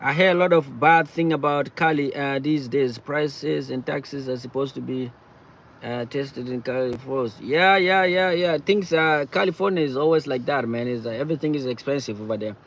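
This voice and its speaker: A man chatting casually on a live stream from his car, talking in halting bursts and repeating himself as he answers viewers. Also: mid-range voice, a bit bright, highs cut off, slight background noise. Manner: halting, repeats words and phrases often. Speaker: livestreamer reading viewer chat. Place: in or beside a parked car.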